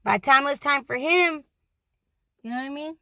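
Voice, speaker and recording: A woman's voice: high voice, a little fast, sharp tone, no echo. A woman in a casual spoken monologue, relaying a departed man's message in a loose, blunt way, swearing freely and saying "you know" often. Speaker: messenger relaying words from a departed man.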